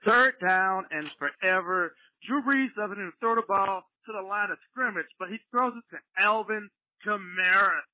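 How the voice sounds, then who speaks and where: A man calling in with a voicemail, doing excited mock play-by-play. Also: high voice, moderate pace, no room sound, low-quality recording. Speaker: caller.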